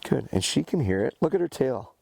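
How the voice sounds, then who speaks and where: A man's voice: mid-range voice, sing-song, fairly quick, gravelly, a little mellow, no room sound. A male dog trainer giving casual, step-by-step instruction outdoors, breaking off often to praise and call his dog. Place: outdoors by a rural road.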